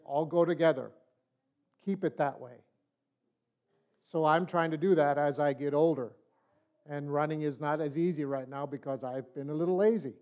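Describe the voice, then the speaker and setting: An older man teaching a Bible study in a relaxed, folksy, conversational way, telling stories. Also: on the high side. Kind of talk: sermon-style storytelling and teaching.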